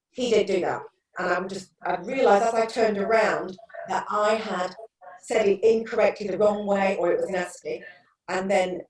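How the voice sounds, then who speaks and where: A middle-aged woman, a therapist telling stories earnestly in a casual interview, with many restarts. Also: medium pitch. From England. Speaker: guest therapist. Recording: echoey room, distant mic.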